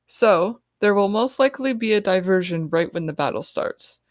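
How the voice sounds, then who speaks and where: A woman voicing a young female team leader who gives quick, quiet orders. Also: mid-range voice, expressive, no room sound, clean studio sound, close to an everyday voice. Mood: urgent. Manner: hushed, hurried orders.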